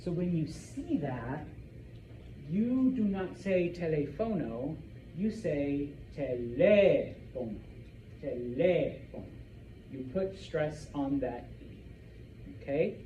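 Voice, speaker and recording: A man teaching a Spanish class to students, repeating words slowly to model their pronunciation. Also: a little high, animated, dark tone, a little hiss or hum, low-quality recording. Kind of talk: classroom lesson.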